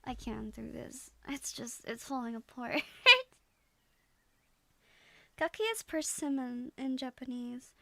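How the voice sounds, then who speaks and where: A woman streamer and native Dutch speaker, chatting casually and playfully while she repeats practice phrases out loud. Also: fairly high pitch, slow pace, gravelly, pauses often, no room sound. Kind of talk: casual live-stream chat.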